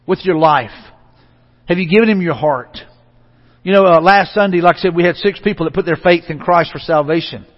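A man pastor preaching a conversational sermon in a church, repeating phrases and letting line endings drop soft. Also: fairly high pitch, brisk. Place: church sanctuary. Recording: dull, reverberant church hall recording.

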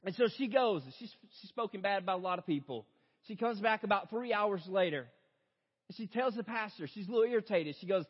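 A male pastor preaching a sermon in a conversational way, often tagging lines with "right?", and reading scripture more slowly and softly. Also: sits high. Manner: reads scripture slower and softer. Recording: reverberant hall, dull lo-fi sound.

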